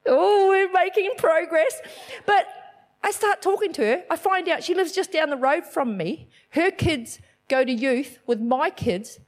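High-voiced chatty woman sharing testimony. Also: measured pace. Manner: chatty, animated, self-deprecating with laughs. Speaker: speaker giving a church message. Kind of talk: personal testimony sermon.

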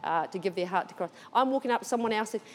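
A woman giving an animated sermon testimony in church, telling her story expressively. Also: medium pitch, fast talker, big-room sound, slight background noise. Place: church auditorium.

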